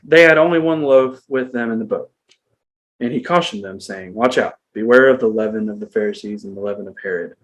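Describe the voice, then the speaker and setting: A man's voice: medium pitch, a little fast, gravelly, rough recording. A man reading a Bible passage aloud in a casual chat, breaking in with playful asides. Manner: reads scripture aloud, breaks in with jokes.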